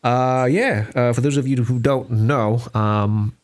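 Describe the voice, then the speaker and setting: A man's voice: mid-range voice, fairly even intonation, slow. A man, hosting a casual solo podcast, rambling with lots of fillers and restarts. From Singapore. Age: 20s. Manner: rambling, frequent fillers and restarts, laughs often. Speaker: podcast host.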